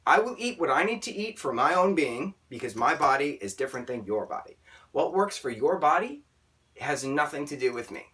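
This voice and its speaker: A man talking casually in an opinion vlog, emphatic and animated, often checking in with "right?". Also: on the high side, brisk. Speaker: vlogger. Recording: voice a bit distant from the mic.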